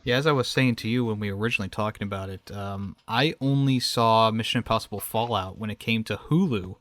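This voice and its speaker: A man's voice: fairly low pitch, fast talker, a bit bright, no echo. A man hosting a casual movie podcast, chatting loosely and correcting himself as he goes. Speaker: podcast host.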